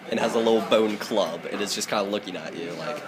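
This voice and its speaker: A man's voice: lowish voice, fairly quick, a crowd in the background. A man narrating as game master in a loose, casual way, laughing often.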